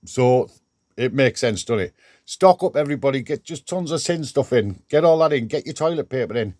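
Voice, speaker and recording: A man's voice: mid-range voice, lively intonation, normal speed, a little mellow, no echo, clean studio sound. An older man vlogging from his garden shed workshop, rambling chattily with restarts as he talks to camera. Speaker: DIY vlogger. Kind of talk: casual vlog.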